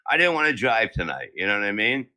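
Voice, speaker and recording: A man's voice: lowish voice, big pitch swings, fast, sharp tone. A man in his seventies hosting from home, telling crude comic stories full of swearing. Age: 70s. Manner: crude, brash, swears constantly. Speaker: comedy podcast host. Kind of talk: profane comic storytelling.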